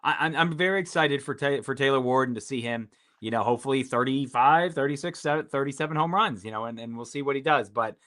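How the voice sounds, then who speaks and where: A man's voice: medium pitch, fast talker, fairly bright tone. Stammering, easygoing male sports guest. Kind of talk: casual sports chat.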